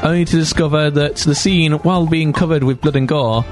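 A man's voice: fairly high pitch, brisk, soft background music. A young man hosting a casual chat about weird news, talking with some hesitation and restarts. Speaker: host.

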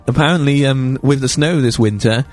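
Chatty radio host. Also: male voice, mid-range voice, soft background music. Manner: chatty, quick, stumbling restarts. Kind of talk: casual radio chat. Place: radio studio.

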